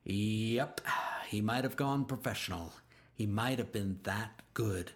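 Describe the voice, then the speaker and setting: A man doing a gruff, bossy bug coach. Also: fairly low pitch, slow. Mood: blustering. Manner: grumbling, shouting, bossy. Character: gruff tough old male insect sports coach. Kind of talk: storybook reading.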